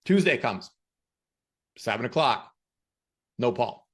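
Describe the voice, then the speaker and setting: A man hosting a podcast who gives a motivational talk and tells stories in an emphatic, animated way. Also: mid-range voice, measured pace, pauses often, slightly rough. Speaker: podcast host.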